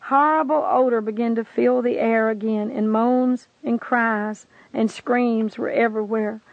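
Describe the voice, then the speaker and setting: A woman with a gravelly, fairly high voice preaches her testimony in an earnest, pleading way. The recording is a dull lo-fi tape, dry and close with no room sound. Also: steady tone, measured pace, no room sound. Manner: earnest, pleading, emotional storytelling. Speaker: testimony speaker.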